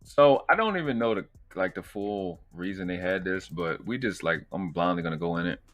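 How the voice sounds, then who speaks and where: A man's voice: sits low, lively intonation, brisk, soft background music. A man with a Baltimore accent hosting a live stream, talking loose and profane, rambling with slang. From Baltimore, USA. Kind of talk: casual live stream commentary.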